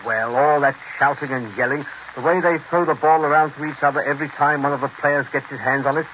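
A man's voice: a little high, steady tone, fairly quick, bright, forceful tone, a little hiss or hum. An actor playing a short, fussy middle-aged Englishman with an English accent who talks in a prim, disapproving way, in 1940s radio acting. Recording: dull lo-fi 1940s radio recording.

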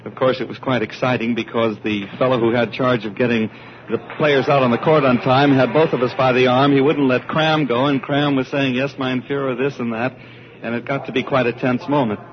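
A man's voice: medium pitch, steady tone, fairly quick, dull audio, a crowd in the background. A man, a tennis player, recalling a match in an easygoing storytelling way. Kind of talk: casual recollection.

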